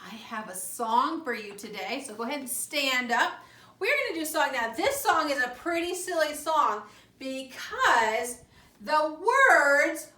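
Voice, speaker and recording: Woman, preschool teacher, high voice, call-and-response chanting, distant mic, roomy echo. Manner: sing-song, animated, leading call-and-response chants. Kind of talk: circle-time lesson for young children.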